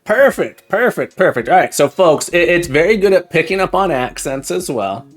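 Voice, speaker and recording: A man hosting a live coding stream, chatting excitedly and jokingly with viewers, often repeating words and restarting his sentences. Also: fairly high pitch, moderate pace. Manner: laughs often and jokes with chat. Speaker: livestream coding host. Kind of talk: casual live-stream chat while coding.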